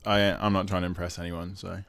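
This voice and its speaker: Young man, podcast co-host, low voice, dry deadpan humour. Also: fast, creaky, no echo. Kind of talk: casual chat. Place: his own house.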